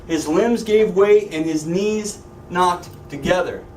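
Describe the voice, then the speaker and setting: A man's voice: high voice, slow, a little mellow, a little hiss or hum. A man teaching a Bible class, joking and asking his students questions. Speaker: Sunday school teacher. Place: church classroom. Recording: echoey room, voice from a distance.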